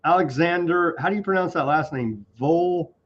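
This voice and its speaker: A man co-hosts a news commentary show with a fairly high voice, serving up the headlines with heavy sarcasm. He trips over foreign names as he goes. The audio is dull and lo-fi. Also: normal speed. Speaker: co-host.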